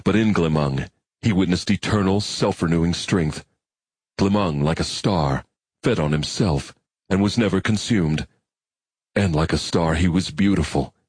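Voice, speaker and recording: Low, husky male narrator, measured read, dry close sound. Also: a little mellow, dry recording. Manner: measured, reflective reading. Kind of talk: audiobook narration.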